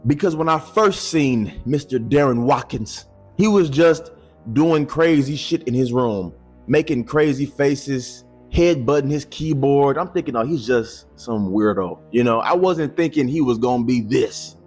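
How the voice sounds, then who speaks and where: A YouTuber commentator speaks directly to camera at a measured pace, his husky voice at an ordinary middle pitch, with soft music underneath. His vlog talk is loose and slangy, sprinkled with cocky, boastful jokes about himself.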